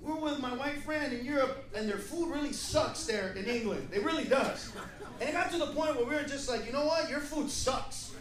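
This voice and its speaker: A man's voice: very high-pitched, brisk, crowd noise. A man doing a stand-up comedy set, telling stories in a brash, profane way. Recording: echoey live room from far off, loud noise.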